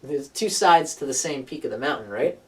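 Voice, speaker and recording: A man teaching a guitar song in a relaxed, rambling way, with plenty of fillers. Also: mid-range voice, fairly quick. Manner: laid-back, rambling, many fillers. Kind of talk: casual guitar tutorial. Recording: distant mic with loud guitar.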